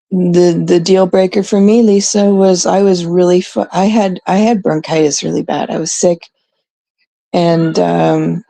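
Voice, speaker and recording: A woman's voice: lowish voice, vocal fry, warm tone, dry recording. A Canadian woman in casual, unscripted talk to her chat, blunt and rambling, swearing often. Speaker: streamer talking to chat.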